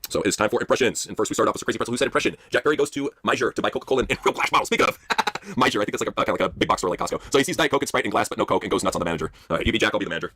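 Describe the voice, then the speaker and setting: A man's voice: fairly low pitch, animated, racing, pushed and bright, no echo. A man hosting a casual podcast chat, reading out listener prompts and laughing often. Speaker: podcast host.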